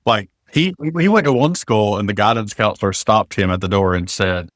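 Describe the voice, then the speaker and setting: A man's voice: fairly low pitch, moderate pace, a bit bright, no echo, studio quality. A man with an Eastern Kentucky accent, a podcast guest in casual chat, telling stories and acting out the voices of people he quotes.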